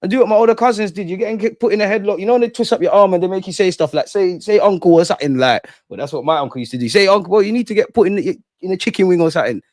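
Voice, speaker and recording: A man's voice: high voice, lively intonation, rapid-fire, few pauses, a little mellow, no echo, studio quality. A young man with a London accent, hosting a casual live chat with slang and reading out viewer comments. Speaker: livestream host.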